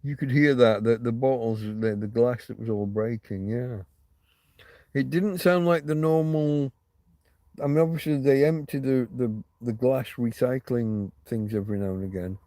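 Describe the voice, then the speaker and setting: A man's voice: mid-range voice, moderate pace, mellow, no room sound. A man hosting a casual livestream, rambling through stories and answering viewer comments. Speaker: livestream host.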